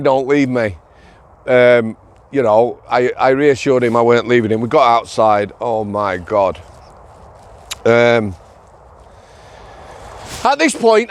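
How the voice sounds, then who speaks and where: A middle-aged man, a former prison officer hosting a podcast and telling a story in a rambling, anecdotal way with fillers. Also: fairly high pitch. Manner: rambling anecdotal delivery with frequent fillers and chuckles. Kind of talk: casual storytelling monologue.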